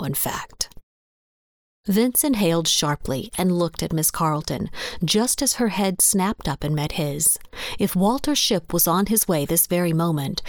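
A woman narrating a western story in a steady, even reading voice. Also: lowish voice, no room sound, studio quality. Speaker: audiobook narrator.

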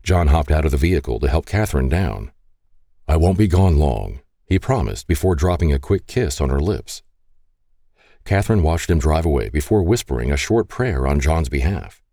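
A man narrating an audiobook in an expressive way. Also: a bass voice, moderate pace, no echo, studio quality.

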